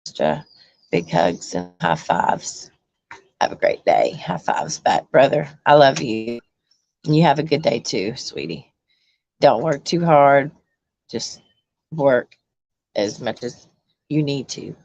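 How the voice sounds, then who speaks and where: A woman chatting on a livestream, halting with many ums and restarts as she reads viewer comments. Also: very deep voice, animated, vocal fry, darkish tone, no echo, highs cut off. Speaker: YouTube livestream host. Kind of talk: casual livestream chat reading comments.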